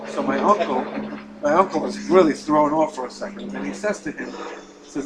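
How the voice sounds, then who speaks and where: A man teaching a class as a rabbi, telling a story with lively delivery, repeating words and acting out the quoted lines. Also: on the high side, brisk, noisy background. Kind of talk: storytelling lesson.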